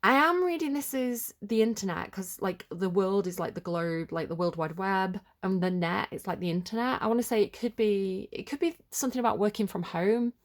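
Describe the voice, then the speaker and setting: A woman's voice: mid-range voice, normal speed, hardly any pauses. A woman giving an unscripted tarot reading, rambling and tentative as she thinks aloud and fills her talk with "like" and "kinda". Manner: rambling and chatty, full of "like" and "kinda". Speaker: tarot reader.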